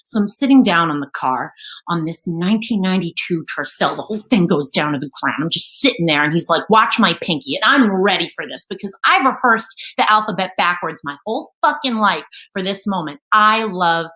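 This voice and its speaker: A woman from New York tells a personal story live in a casual, profane way. Her pitch swings widely and her tone stays bright and forward. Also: animated, brisk, rough recording.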